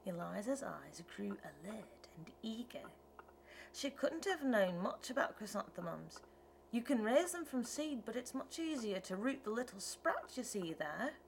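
A woman narrating an audiobook in a measured, even storytelling manner. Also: a little high, creaky, slight background noise, low-quality recording. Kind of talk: scripted narration.

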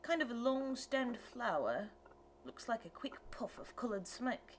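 A woman's voice: fairly high pitch, lively intonation, measured pace, a little hiss or hum, pitched above the performer's own voice. A woman reading an audiobook, voicing a wandering male tinker who talks in a rustic, ungrammatical, wheedling way. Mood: friendly. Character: folksy wandering male tinker, pleading salesman.

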